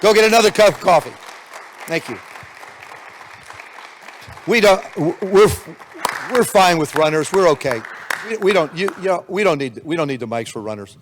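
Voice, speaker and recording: Energetic older man telling stories in a hall. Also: high-pitched, moderate pace, pauses often, some chatter behind, a little hiss or hum. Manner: energetic storytelling with acted-out quotes. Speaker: keynote speaker. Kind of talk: motivational keynote speech. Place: conference room. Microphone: handheld mic. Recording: long reverb of a hall.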